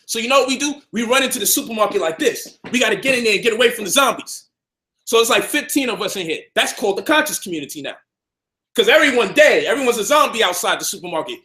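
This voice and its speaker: A man talks straight to camera in a preachy, combative monologue. His voice sits high and carries a bright, forceful edge. He hammers his points home and repeats them for stress. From Brownsville, Brooklyn, New York. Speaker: health and conscious-community speaker.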